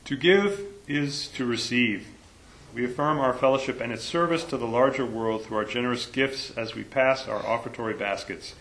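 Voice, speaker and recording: A man leading a church service and reading a children's story aloud, in a gentle, lively manner. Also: mid-range voice, moderate pace. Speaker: worship leader. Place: church hall. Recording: roomy church echo.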